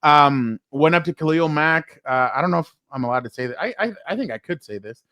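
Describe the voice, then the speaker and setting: A man co-hosting a sports podcast, telling excited stories from the locker room and quoting players in a casual, chatty way. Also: a little high, brisk, no room sound. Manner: excited storytelling, quotes players. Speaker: sports podcast co-host and reporter.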